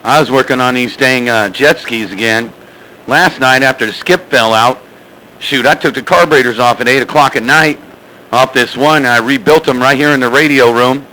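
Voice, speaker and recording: A man's voice: medium pitch, moderate pace, bright, forceful tone, slight background noise, rough recording. A man chatting casually over CB radio from his home radio room, with a folksy, playful drawl full of slang nicknames. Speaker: CB radio operator.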